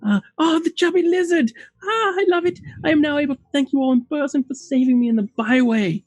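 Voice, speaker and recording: A game master voicing a gushing young noblewoman, the potentate's daughter, bubbly and high-pitched. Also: quick pace, darkish tone, dry recording, natural voice.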